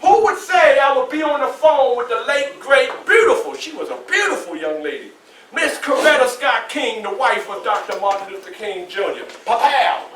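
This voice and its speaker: Animated Southern preacher-style man. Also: very high-pitched, moderate pace, slight background noise. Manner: preacherly call-and-response, folksy asides. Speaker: motivational speaker. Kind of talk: motivational talk to students. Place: school hall. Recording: echoey room from far off.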